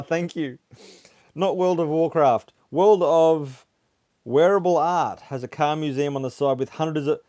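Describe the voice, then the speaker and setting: A man hosting a casual livestream, chatting haltingly as he reads viewer comments aloud. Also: a little high, darkish tone, no echo, clean studio sound. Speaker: livestream host. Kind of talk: casual live chat reading comments.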